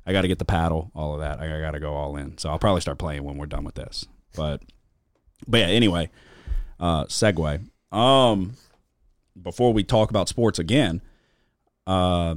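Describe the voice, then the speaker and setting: The podcast host is a man whose voice sits low, moving at a moderate pace as he tells rambling, swear-heavy stories full of filler in a casual chat. The recording is dry and studio quality.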